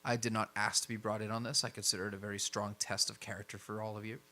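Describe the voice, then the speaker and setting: A man voicing a cold, formal male vampire elder who speaks in a stiff, measured way, a little lower and quieter than his own voice. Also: level tone.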